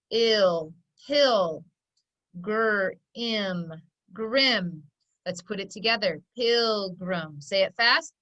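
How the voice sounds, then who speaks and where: A woman teaching a children's phonics lesson, her voice bright and fairly high. She talks patiently and breaks words into sounds and syllables, slowly and clearly. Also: poor audio.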